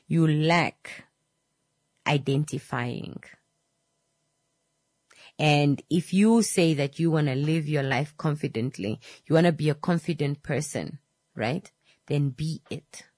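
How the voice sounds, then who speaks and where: Woman, low voice, earnest lecturing, motivational radio talk, dry sound. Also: no echo. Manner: earnest, lecturing, rhetorical questions. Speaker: radio host.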